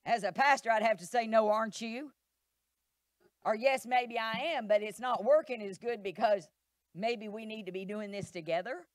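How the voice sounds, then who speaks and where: A woman's voice: on the high side, moderate pace, no echo, studio quality. A middle-aged woman pastor, preaching a sermon in a church, emphatic and repetitive, acting out quoted voices.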